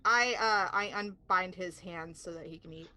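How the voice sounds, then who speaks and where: A woman playing in a tabletop game, talking quickly with lively restarts. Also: lowish voice. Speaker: player.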